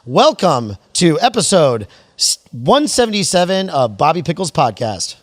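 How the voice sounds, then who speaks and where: A man's voice: fairly high pitch, sing-song, moderate pace, heavy background noise. A man from Florida hosting a podcast, brash and irreverent, rambling in casual crude chat. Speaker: podcast host.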